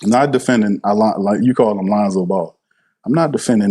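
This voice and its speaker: A man's voice: fairly low pitch, a little fast, warm tone, slightly rough. A man, hosting a live sports stream, blunt and passionate, swearing freely and repeating himself for emphasis. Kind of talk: heated live sports commentary.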